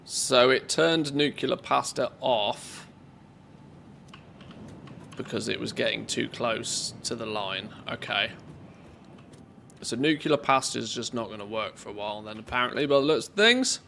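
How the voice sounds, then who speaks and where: A man's voice: mid-range voice, unhurried, gravelly, long pauses, pushed and bright, a little hiss or hum. A man streaming a game live, thinking aloud and chatting casually with his viewers. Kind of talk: casual live-stream commentary while playing.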